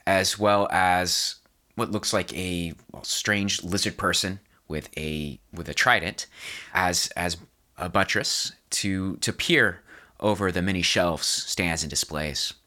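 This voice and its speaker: Man, game master narration, low pitch, bright tone. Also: fairly even intonation. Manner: descriptive, measured narration with restarts. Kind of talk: narrating a tabletop horror game.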